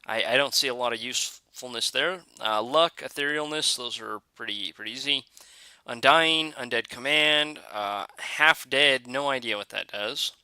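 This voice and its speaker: A man giving casual, halting commentary on a strategy game update, with frequent fillers and restarts. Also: medium pitch, pushed and bright, clean tone, dry recording. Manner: hesitant, many "uh" fillers and restarts. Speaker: gaming video creator.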